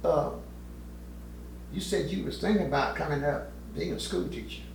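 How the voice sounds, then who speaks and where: Gravelly male interviewer in an echoey room. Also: fairly high pitch, normal speed. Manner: gentle prompting, short "right" and "mm-hmm" replies. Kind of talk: interview questions and brief affirmations. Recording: echoey room, distant mic, faint noise.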